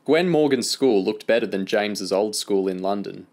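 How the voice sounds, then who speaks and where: A man with a lowish voice reads a novel aloud as an audiobook reader. His narration is steady and even. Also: normal speed.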